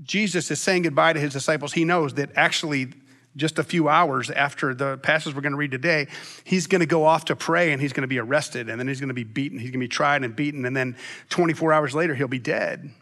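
A man preaches from the pulpit in a long-winded, animated way, often restarting his sentences. His voice sits fairly high and sounds bright and forceful. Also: fast talker. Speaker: pastor. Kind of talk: sermon.

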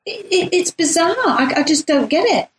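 A woman from north-west England co-hosting a podcast, in animated, casual chat full of restarts. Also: very high-pitched, normal speed, poor audio. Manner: chatty, animated, frequent laughter and restarts. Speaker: podcast co-host.

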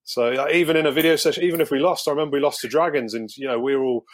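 A man's voice: on the high side, rapid-fire. A man in his thirties, a guest telling a rambling story, repeating himself and laughing at his own anecdotes. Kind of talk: casual storytelling.

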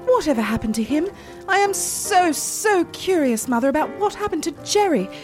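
A woman's voice: sits high, big pitch swings, normal speed, a little mellow, soft background music. A woman playing a prim, formal grown daughter. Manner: overly formal, repeatedly says Mother. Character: prim grown daughter asking mother questions.

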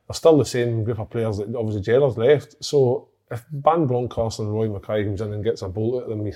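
Fast, emphatic man arguing football. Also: lowish voice, dark tone. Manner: emphatic, argues his point. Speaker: football pundit. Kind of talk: casual football chat.

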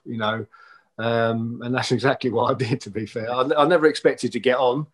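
A man, a former footballer, telling stories in a relaxed interview, with many fillers and often trailing off softly. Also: mid-range voice, fairly quick. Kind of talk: casual interview chat.

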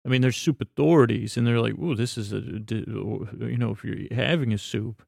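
A man spins a rambling, improvised bedtime story in a gravelly, mid-pitched voice. He halts and restarts often, leaning on fillers as he meanders. The sound is dry and close. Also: fairly even intonation, moderate pace, darkish tone, no echo. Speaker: storyteller addressing a pen pal.

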